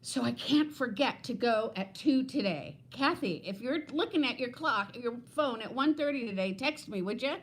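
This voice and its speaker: A woman's voice: on the high side, animated, normal speed, hardly any pauses. Chatty woman in her fifties. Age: 50s. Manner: rambling and chatty, laughs often, talks to viewers by name. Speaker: livestream host. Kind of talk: casual livestream chat. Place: at home. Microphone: phone.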